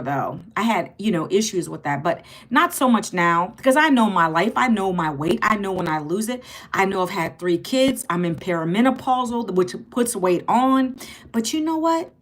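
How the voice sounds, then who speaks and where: A woman's voice: fairly low pitch, fairly bright tone. Chatty woman hosting a phone livestream. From Virginia, United States. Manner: chatty, greets viewers by name, repeats herself. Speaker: livestream host. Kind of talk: casual livestream chat reading viewer comments.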